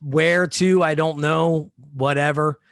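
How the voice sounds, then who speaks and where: A man with a fairly high, steady voice speaks slowly in a dry, clean studio recording. He's a podcast co-host in casual chat, laid-back and rambling, swearing freely as he goes.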